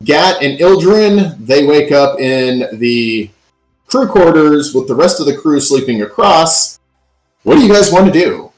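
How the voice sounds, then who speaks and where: A man's voice: on the high side, lively intonation, a little slow, soft background music. A man running a tabletop game as game master, narrating the story and recapping with dramatic emphasis and the odd um. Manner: dramatic recaps with filler ums. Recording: roomy echo.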